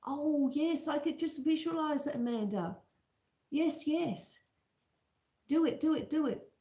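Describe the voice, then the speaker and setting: Woman, home-baking livestream host, unhurried and chatty, a touch high, kitchen echo. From Australia. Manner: chatty, reads out viewers' comments, warm terms like love and sweetheart. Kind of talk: casual livestream chat while baking.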